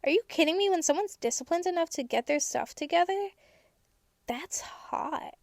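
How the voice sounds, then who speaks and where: A teenage girl hosting a podcast, giving candid, chatty advice with casual swearing and bursts of excitement. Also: very high-pitched, quick pace, gravelly, no echo, clean studio sound. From United States. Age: teens. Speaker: podcast host.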